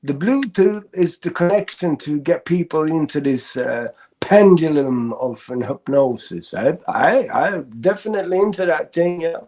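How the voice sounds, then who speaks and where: A man's voice: on the high side, animated, unhurried, hardly any pauses, a little mellow. A man hosting a casual group chat, laughing often and talking emphatically.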